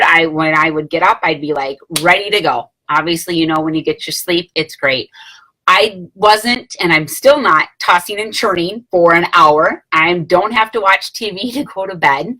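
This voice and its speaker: A woman in her late thirties talks casually to camera with a bright, forceful tone. She rambles, corrects herself often and fills gaps with "um" and small laughs. Her voice sits a bit low for a woman. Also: low-quality recording. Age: late 30s. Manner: rambling, chatty, many fillers and self-corrections; laughs between phrases. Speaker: vlogger sharing a product testimonial.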